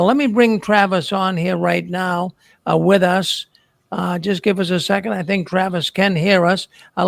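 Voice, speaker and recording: High-voiced gravelly male host. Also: dry recording, low-quality recording. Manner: halting, many "uh" fillers. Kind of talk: live talk show hosting.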